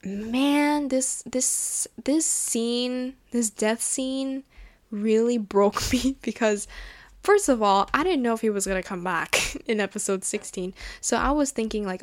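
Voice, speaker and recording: A woman's voice: on the high side, unhurried, no room sound. A young woman hosting a casual show, gushing and rambling emotionally with many restarts. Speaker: podcast host. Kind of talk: casual chat.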